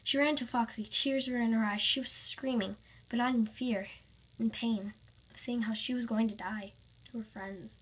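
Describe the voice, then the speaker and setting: A woman's voice: a little high, fairly even intonation, normal speed, slightly rough, poor audio. A woman reading her own fan story aloud, plainly, with small slips.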